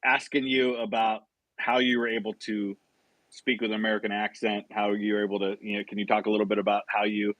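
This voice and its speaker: A man's voice: on the low side, level tone, a little fast, no room sound, dull audio. A male host in a casual live chat, easygoing, asking questions and laughing along with his guest.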